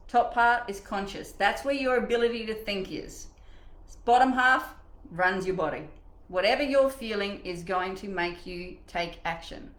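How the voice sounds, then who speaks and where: A middle-aged woman leading a live online coaching session in a chatty, animated way, acting out the voices in her head. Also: mid-range voice, echoey room, poor audio. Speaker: mindset coach.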